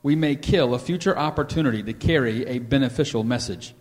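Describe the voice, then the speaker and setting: A man at a meeting, reading a passage aloud in a steady, careful way. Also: mid-range voice, brisk, big-room sound. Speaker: meeting participant.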